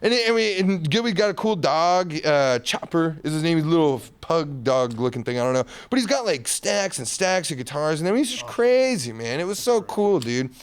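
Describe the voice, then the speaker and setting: A man's voice: on the high side, animated, fairly quick, few pauses, clean tone. A man, a musician and painter, telling rambling stories in a casual interview, heavy on slang and laughter. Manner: rambling, laid-back, lots of slang and laughter.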